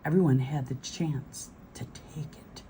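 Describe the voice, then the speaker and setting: A woman's voice: deep voice, steady tone, a little slow, mellow, whispered. A woman reading the lines of a worried young boy, urgent and alarmed. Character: worried young boy who lost his comic.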